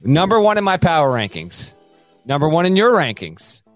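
Animated man chatting about college hoops. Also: fairly high pitch, no echo, faint music behind. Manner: animated, laughing, quick asides. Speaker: podcast co-host. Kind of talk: casual sports podcast chat.

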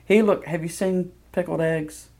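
A woman's voice: fairly low pitch, fairly even intonation, measured pace, a little mellow. A woman from Mississippi, candidly telling a personal story with plenty of ums. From Mississippi, USA. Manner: candid, self-deprecating, loose with fillers.

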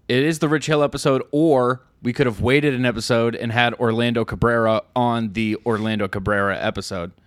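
A man co-hosting a sports podcast in relaxed casual chat, his voice mid-range and easygoing. He trades stats and jokes at an unhurried pace. The sound is dry, with no room echo. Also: medium pitch. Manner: easygoing, lots of fillers and restarts. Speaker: podcast co-host.

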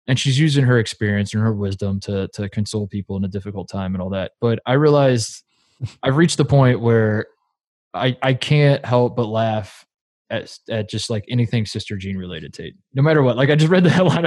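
A man's voice: lowish voice, darkish tone, no room sound. A man co-hosting a casual podcast, rambling with lots of fillers and laughing easily. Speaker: podcast co-host. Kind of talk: casual chat.

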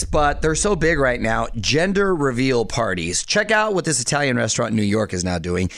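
A man hosting a radio show in a studio, talking in an energetic, chatty way and laughing often. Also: mid-range voice, brisk, creaky, few pauses. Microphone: studio microphone.

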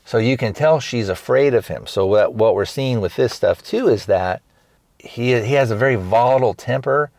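A man's voice: medium pitch, moderate pace, darkish tone, no echo. A man hosting a podcast, retelling scenes in a loose rambling way with many restarts and acted-out quotes. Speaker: podcast host reviewing a film. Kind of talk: casual recap.

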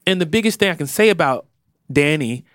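Lively, expressive chat voice. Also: medium pitch, brisk, no room sound, clean studio sound. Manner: lively, puts on voices when quoting characters. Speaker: co-host discussing TV shows. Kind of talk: casual chat.

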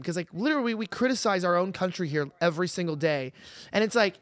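A man's voice: high voice, quick pace, dry recording. A man hosting a comedic podcast, riffing and joking in casual chat. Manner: jokey, riffing, animated impressions. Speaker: podcast host.

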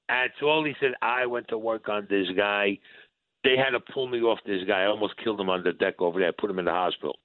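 A man's voice: quick pace, dry recording. A New man recounts an old story, animating every line of remembered dialogue. His voice comes through a tinny phone line, close and dry with no room sound. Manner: animated storyteller who acts out dialogue with rising pitch. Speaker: interview guest.

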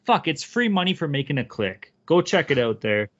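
Dude hosting a betting podcast, lively voice, cursing a lot, kinda dull audio. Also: male voice, on the high side, normal speed. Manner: profane, hyped, animated. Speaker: podcast co-host. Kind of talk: casual sports betting podcast chat.

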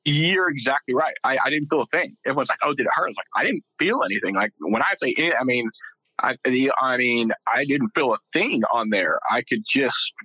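A man's voice: mid-range voice, lively intonation, brisk, few pauses, slightly rough, no room sound, dull audio. A middle-aged man from Texas, a guest telling his story casually, rambling with fillers and joking.

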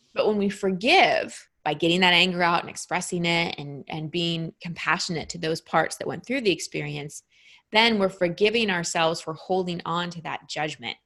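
A middle-aged woman speaking as an interview guest, explaining her ideas in a reflective, even way. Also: lowish voice. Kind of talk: interview conversation.

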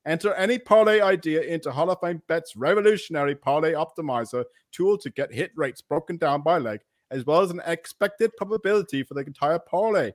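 A man co-hosting a sports betting podcast, reading a sponsor ad in a brisk promotional manner. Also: fairly high pitch. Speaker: podcast co-host. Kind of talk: read sponsor ad.

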